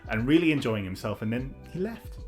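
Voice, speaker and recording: A man's voice: mid-range voice, sing-song, a little fast, a little mellow, soft background music. A man co-hosting a casual film podcast, laying out articulate, longer arguments. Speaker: podcast co-host. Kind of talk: casual film review chat.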